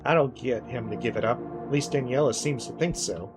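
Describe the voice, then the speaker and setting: A man's voice: medium pitch, brisk, lightly acted. A man voicing a spiteful, mocking talking object in a game, speaking in a taunting tone over game music. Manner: taunting, sneering.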